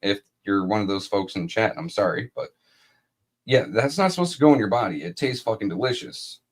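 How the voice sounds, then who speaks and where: Husky, blunt, swearing man. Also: lowish voice, lively intonation, a little fast. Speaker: co-host. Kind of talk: casual live-stream chat.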